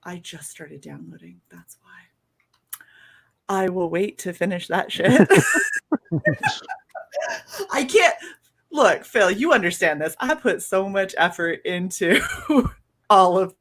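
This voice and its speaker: A woman joining a livestream over a video call, chatting in an animated way, laughing often and swearing casually. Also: on the low side, unhurried. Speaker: streamer guest.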